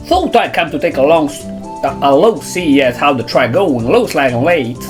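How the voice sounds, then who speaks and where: A man's voice: a little high, expressive, moderate pace, over music, natural voice. A man voicing a laid-back cowboy police officer, reading game dialogue with folksy sayings on stream. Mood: easygoing. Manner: casual drawl with folksy sayings.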